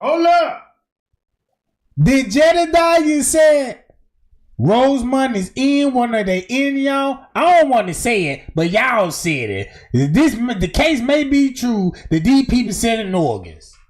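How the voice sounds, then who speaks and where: A man giving animated, slangy commentary on a clip during a livestream, exclaiming and cutting in. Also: very high voice, takes it slowly. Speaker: stream host reacting to a clip.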